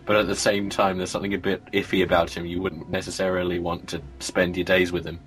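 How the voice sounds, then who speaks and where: A man's voice: low voice, little pitch movement, fast talker, fairly bright tone. A man in casual chat about a TV show, talking thoughtfully with hesitant restarts.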